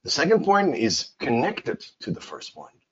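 Man, teacher, seminar talk, animated, husky, dull lo-fi recording. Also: mid-range voice, moderate pace. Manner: animated, emphatic, frequent checks like okay and right. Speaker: English teacher.

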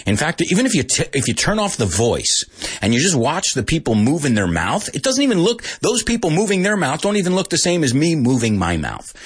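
A man's voice: lowish voice, fairly bright tone, slightly rough. A man hosting an English lesson show, talking casually and animatedly, often laughing and slipping into Spanish. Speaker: English teacher host. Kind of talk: energetic radio show chat.

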